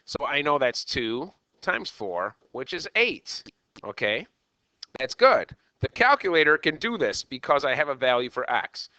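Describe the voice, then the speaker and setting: A man running a math lesson in an animated, bouncing voice that sits a little high and rings bright. He keeps checking in with "okay" as he goes. The sound is dry and a bit dull, like a lo-fi recording. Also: measured pace, dry recording. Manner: animated, repeats "okay" often. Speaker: math teacher. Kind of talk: classroom lecture.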